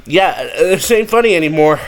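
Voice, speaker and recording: A man's voice: sits high, brisk, low-quality recording. A man reading game lines and joking around in a playful, laughing manner. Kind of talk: casual dub reading with chat.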